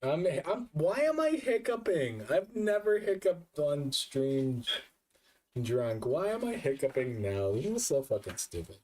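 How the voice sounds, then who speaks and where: A drunk, hiccuping man talking on a live stream, his pitch swinging wildly as he swears and laughs at himself. He talks slowly and loosely, with plenty of cursing. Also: very animated, mellow, far from the mic. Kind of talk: casual live-stream chat.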